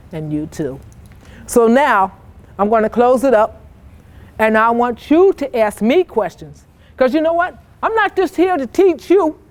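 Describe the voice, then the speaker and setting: A woman giving an inspirational speech to students, storytelling with emphatic, repetitive phrasing and acting out voices in quoted dialogue. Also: fairly high pitch. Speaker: motivational speaker. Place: office headquarters in Boston.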